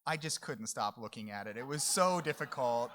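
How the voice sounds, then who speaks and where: A man in his forties presenting at a conference, relaxed and lightly joking. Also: mid-range voice, normal speed. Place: conference room.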